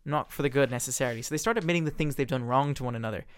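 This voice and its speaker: A man's voice: medium pitch, clean tone. A man animatedly retelling the scenes of a play in a casual discussion. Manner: animated storyteller, quick and expressive.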